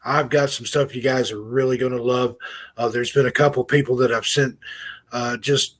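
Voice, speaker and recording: A man's voice: mid-range voice, fairly even intonation, moderate pace. A man chatting casually on a podcast in a laid-back, joking way. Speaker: podcast co-host and guest. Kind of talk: casual chat.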